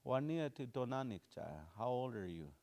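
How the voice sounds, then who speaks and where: A man leads a language class in a casual, down-to-earth way. He repeats each phrase slowly so students can hear the sounds, then explains it in plain, folksy terms. His voice sits at an ordinary middle pitch. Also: lively intonation, darkish tone. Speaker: language teacher.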